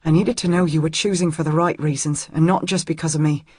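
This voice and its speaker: A woman's voice: sits low, steady tone, fast, dark tone, husky, dry recording, clean studio sound. A woman voicing a tender, shaken young man in an audiobook, speaking earnestly with a trembling voice. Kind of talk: audiobook character voice.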